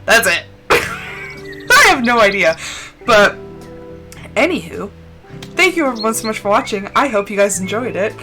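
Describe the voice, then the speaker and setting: A woman streaming a game, chatting casually and rambling off on tangents in an expressive way. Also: medium pitch, a little slow, long pauses, music in the background. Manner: animated and expressive. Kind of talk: casual gameplay chat.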